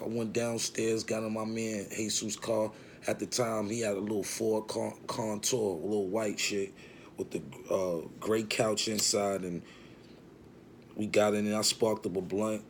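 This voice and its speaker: Gravelly guy rambling through a story, swears a lot, bit of hiss behind. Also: fairly low pitch, level tone, moderate pace. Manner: rambling, profane, conversational. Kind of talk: casual storytelling.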